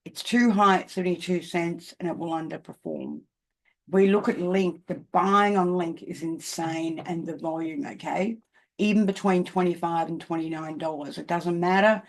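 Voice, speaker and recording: A woman's voice: on the low side, animated, normal speed. An older woman with an Australian accent, talking casually to camera about markets, emphatic and often checking in with "okay?". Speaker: crypto commentator.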